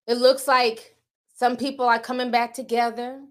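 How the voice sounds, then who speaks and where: A woman hosting a livestream podcast, chatting casually and reading super chats in a sassy, animated way. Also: on the high side, moderate pace. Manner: sassy, animated, calls viewers sis and honey.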